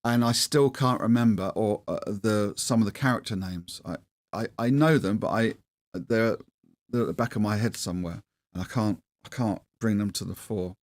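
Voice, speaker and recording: A man's voice: on the low side, normal speed, dry recording. A middle-aged man hosting a livestream, chatting casually in a rambling, self-deprecating way with many restarts. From England. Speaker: livestream host.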